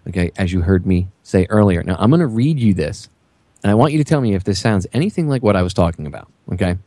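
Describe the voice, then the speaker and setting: A man with a very low, mellow voice speaks earnestly on a talk radio show. He reads a passage aloud for the listeners in a deliberate way. The sound is dry and close. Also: animated, no echo. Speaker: radio show guest host.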